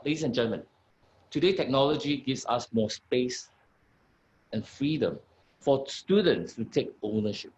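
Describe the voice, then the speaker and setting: A man's voice: mid-range voice, rough recording. A middle-aged man giving a keynote talk, bringing in guests and asking the audience rhetorical questions. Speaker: keynote speaker and host.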